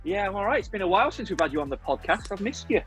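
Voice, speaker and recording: A man's voice: high-pitched, big pitch swings, very fast, fairly bright tone, soft background music, low-quality recording. A man hosting a football podcast over a video call, joking and laughing easily. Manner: jokey, playful, laughs easily. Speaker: podcast host. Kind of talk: casual football podcast chat.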